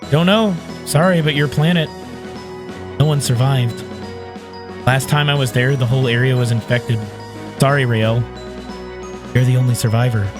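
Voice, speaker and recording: A man voicing a calm, gentle alien woman companion from a visual novel, speaking softly and apologetically. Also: mid-range voice, normal speed, pauses often, over music, voice pushed down, lightly acted. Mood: somber.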